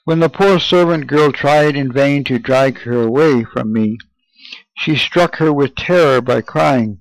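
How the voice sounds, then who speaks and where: A man reading an old first-person memoir aloud in a measured, solemn way. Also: mid-range voice, vocal fry, dry recording, poor audio. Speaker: reader. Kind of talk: audiobook narration.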